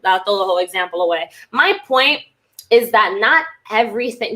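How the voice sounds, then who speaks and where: A woman's voice: medium pitch, fairly bright tone. A woman podcast host and cult recovery coach in a candid, rambling casual monologue who swears freely.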